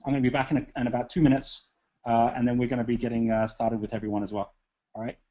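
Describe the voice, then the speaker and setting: A man hosting a live online call, upbeat and chatty, often pausing with fillers and restarting sentences. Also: medium pitch, level tone, a little mellow. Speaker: webinar host.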